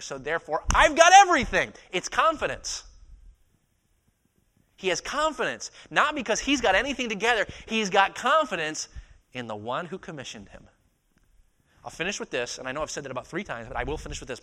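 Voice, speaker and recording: A man in his twenties preaching a sermon, moving from quiet reflection to loud, impassioned passages and acting out biblical dialogue in his own voice. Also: fairly high pitch. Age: 20s.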